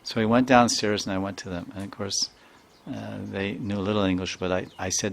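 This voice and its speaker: A man's voice: on the low side, fairly even intonation, a little fast, creaky. An older man giving a devotional talk as a spiritual teacher, telling stories in emphatic, repeated phrases. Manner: repetitive, emphatic storytelling with Sanskrit terms.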